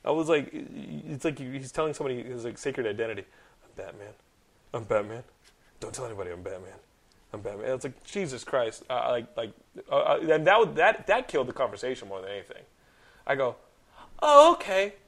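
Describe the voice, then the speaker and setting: Gravelly podcast host guy in his 30s, mid pitch, rants and swears telling a story. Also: a little fast. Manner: animated storyteller, swears freely, rants loudly. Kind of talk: casual chat.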